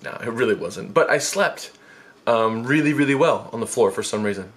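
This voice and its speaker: Animated young man telling a funny story. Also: fairly quick. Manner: animated, self-mocking, jumps into high squeaky voices for quotes. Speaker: vlogger. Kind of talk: comic storytime monologue.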